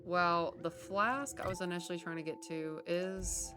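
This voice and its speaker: A woman's voice: lowish voice, steady tone, a little slow. Chatty woman narrating her gameplay. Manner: chatty, reacts out loud, laughs often. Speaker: gameplay streamer. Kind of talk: casual let's-play commentary. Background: game music.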